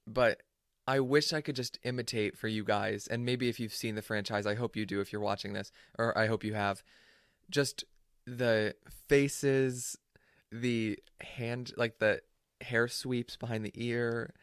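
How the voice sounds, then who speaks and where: A man's voice: medium pitch, fairly even intonation, a little slow, clean tone, no room sound, clean studio sound. A man hosting a podcast in a casual chat, playful and self-mocking as he teases his guest. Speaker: podcast host.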